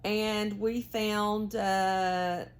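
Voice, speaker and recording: Very slowly and in a level tone, a mid-range-voiced woman from the United States talks to her viewers while knitting. Her Southern accent colors a rambling, folksy chat.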